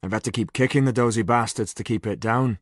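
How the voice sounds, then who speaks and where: A man narrating puts on a laconic Irish corporal, soft-spoken and crude, grumbling through dry jokes. The voice sits low and close with no room around it. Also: quick pace, no room sound, lightly acted. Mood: wry grumbling. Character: wry male army corporal, crude and laconic.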